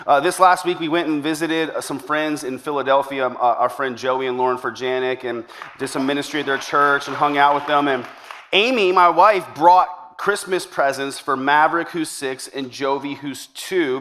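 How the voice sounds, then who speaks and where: A male pastor delivers a sermon to his congregation. His voice sits a little higher than most men's. He keeps the tone chatty and upbeat and slips in jokes as he goes. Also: normal speed, a bit bright. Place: church service before a congregation.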